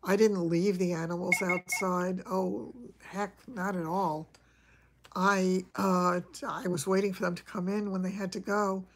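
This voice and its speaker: An older woman with a New York accent chatting casually on a livestream, laughing easily and often clearing her throat as she answers viewers. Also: on the low side, little pitch movement, unhurried, a little hiss or hum. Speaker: vlogger host, former actress. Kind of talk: casual livestream chat reading viewer comments.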